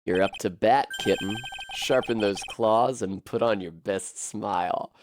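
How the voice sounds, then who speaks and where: A woman voicing a suave, teasing male lawyer mentor in a low, smooth drawl. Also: a little slow, noisy background.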